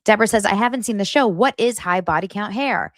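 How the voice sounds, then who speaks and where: A woman hosting a podcast, recapping reality TV in a casual, gossipy way and slipping into high mimicking voices. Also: fast talker, dry recording, clean studio sound. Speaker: podcast host.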